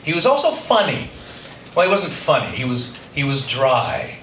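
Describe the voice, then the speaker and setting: A man's voice: mid-range voice, very animated, moderate pace, fairly bright tone. A middle-aged man telling a personal story live on stage to an audience, with dry, self-deprecating humor. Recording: roomy, distant stage recording with audience noise.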